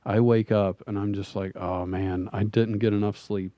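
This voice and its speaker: A man hosting a podcast, talking in a relaxed, easygoing casual chat. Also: fairly low pitch, normal speed, no room sound, muffled recording. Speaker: podcast host.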